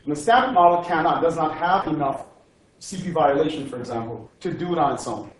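A man's voice: on the high side, fairly quick. A man, a physics professor, giving an informal lecture in a digressive, joking way and often checking in with "okay?". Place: lecture hall. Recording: echoey lecture hall from far off with faint noise.

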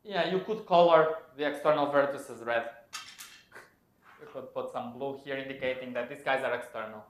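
A man's voice: mid-range voice, normal speed. Man lecturing in an echoey room. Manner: thinks aloud, self-correcting, explanatory. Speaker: physics lecturer. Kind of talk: technical lecture. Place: lecture hall.

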